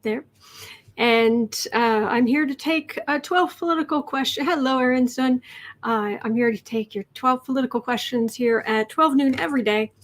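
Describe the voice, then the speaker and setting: A woman hosting a daily live stream of tarot readings, chatting casually and rambling with lots of fillers and self-corrections, and muttering softly to herself while she scrolls through the chat. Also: high voice, normal speed. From Chicago area.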